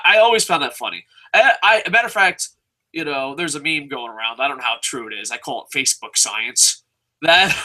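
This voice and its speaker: Co-host, male. Profane, animated ranter with a piercing, fairly high voice. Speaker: podcast co-host. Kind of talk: casual chat.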